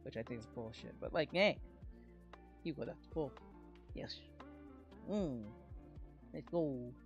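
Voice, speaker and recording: A man streams as a VTuber, chatting casually while he draws, with sarcastic, self-mocking humor and plenty of laughs. His medium-pitched voice has lively intonation and an unhurried pace. The audio is dull, with faint music in the background.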